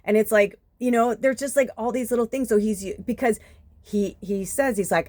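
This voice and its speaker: A woman's voice: a little high, moderate pace, a little mellow, dry recording. A woman in her fifties, a spiritual medium, rambling in a chatty, emphatic way and swearing often. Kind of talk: casual rambling monologue.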